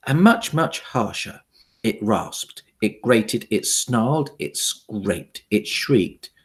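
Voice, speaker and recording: With a medium-pitched voice, a male primary school teacher performs a children's novel aloud, giving the storytelling plenty of drama and expression.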